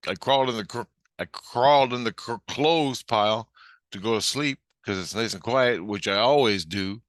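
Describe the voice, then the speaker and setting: This is a middle-aged man with a medium-pitched, slightly bright voice, talking at normal speed. As a vlogger recounting a strange spiritual experience, he rambles, swears, gets agitated, and keeps restarting. Clean studio sound, no echo.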